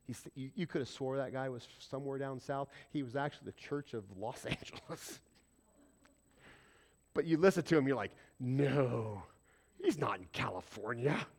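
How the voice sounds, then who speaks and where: A man preaching a sermon as pastor, animated and conversational, often putting questions to the congregation. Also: medium pitch, normal speed.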